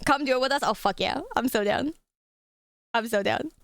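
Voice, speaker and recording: A woman's voice: fairly high pitch, moderate pace, vocal fry, fairly bright tone, no echo. A young woman livestreaming, chatting casually with her viewers, swearing freely and giggling. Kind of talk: casual reaction stream chat.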